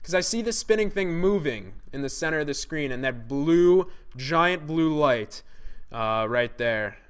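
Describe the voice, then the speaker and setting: A young man commenting on a game trailer during a live stream, reacting with excitement and talking to his chat viewers. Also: a little high, unhurried, clean tone.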